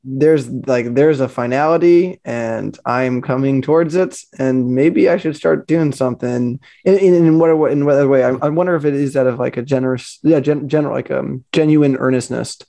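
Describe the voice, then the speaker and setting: A man muses aloud in casual podcast talk, pausing and restarting his thoughts. His mid-pitched voice has a gravelly edge. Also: dark tone. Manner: musing, hesitant, many fillers and restarts. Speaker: podcast co-host. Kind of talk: casual chat.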